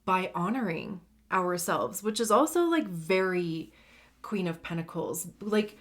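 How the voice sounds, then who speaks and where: A woman's voice: lowish voice, unhurried. A woman giving a casual, slangy tarot reading, chatty and laughing often. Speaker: tarot reader.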